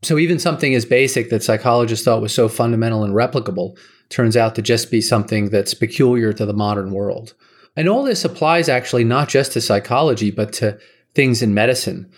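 A man's voice: medium pitch, brisk. A man speaking as a podcast guest, his voice sitting in a middle register. He explains patiently and at length, stacking one point onto the next the way a lecturer would. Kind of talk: casual interview talk.

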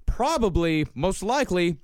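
A man's voice: high voice, very animated, moderate pace, no room sound, clean studio sound. A man hosting a casual true-crime podcast, laying out the case step by step and swearing freely. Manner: profane, explanatory storytelling. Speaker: podcast host.

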